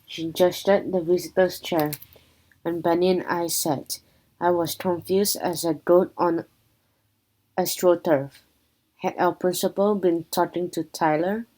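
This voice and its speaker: Slow, low-voiced woman reading aloud. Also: steady tone, mellow, rough recording. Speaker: reader. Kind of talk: reading a children's chapter book aloud.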